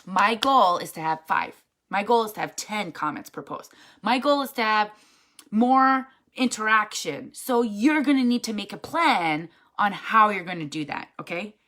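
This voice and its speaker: A woman's voice: mid-range voice, expressive, moderate pace, pushed and bright. Emphatic, chatty woman giving motivational tips. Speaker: network marketing team leader. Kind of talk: casual motivational talk.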